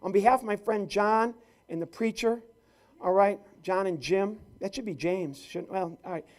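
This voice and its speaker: Playful high-voiced male stand-up comic. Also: normal speed. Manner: lively, playful storytelling. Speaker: comedian and ventriloquist. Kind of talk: live stand-up comedy with crowd work. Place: stage at a corporate client event.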